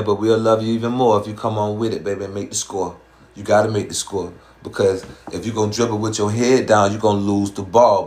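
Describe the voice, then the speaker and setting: A man with a Southern American accent, hosting a live stream in casual chat and talking in slangy, profane, rhyming streetwise patter. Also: lowish voice. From Southern US, Georgia.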